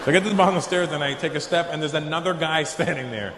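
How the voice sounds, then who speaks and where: A man doing stand-up comedy on a large arena stage, telling a story with lively acted-out dialogue and frequent swearing. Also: a little high, racing. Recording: echoey arena recording.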